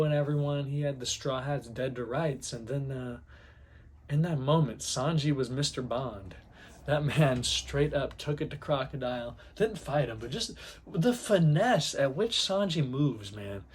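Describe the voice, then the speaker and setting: Husky-voiced excitable young man. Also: medium pitch. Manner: excitable, rambling, slangy. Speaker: anime commentary YouTuber. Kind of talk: casual fan commentary.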